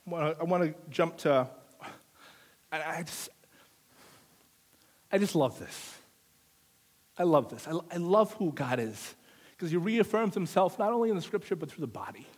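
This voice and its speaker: A man's voice: a little high, very animated, moderate pace, long pauses. A man preaching a live sermon in a church service, emphatic, repeating phrases for stress.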